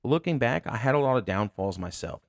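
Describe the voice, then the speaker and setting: A sheriff's deputy hosting a podcast, telling a tense story in a blunt, candid, profane way. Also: male voice, medium pitch, animated, fairly quick, gravelly, no echo, clean studio sound. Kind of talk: casual storytelling.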